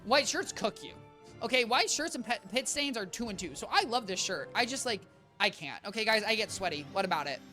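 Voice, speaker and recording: A woman's voice: medium pitch, animated, a little fast, bright, forceful tone, soft background music. A young woman streaming a game from her apartment, rambling playfully and talking straight to her chat. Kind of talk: casual gameplay chatter. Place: home apartment.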